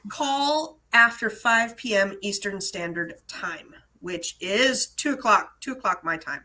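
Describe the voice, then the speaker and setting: A chatty American woman hosting a live Q&A about online selling. Her voice is bright and forceful, and her talk is animated and full of laughter. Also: mid-range voice, measured pace. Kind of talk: casual live Q&A chat.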